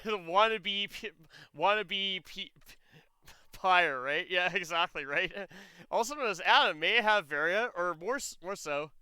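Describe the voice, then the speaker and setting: A man's voice: sits high, pushed and bright, clean tone, no room sound. A man streaming a video game, chatting casually as he plays, rambling and joking with frequent laughs. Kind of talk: casual gameplay commentary.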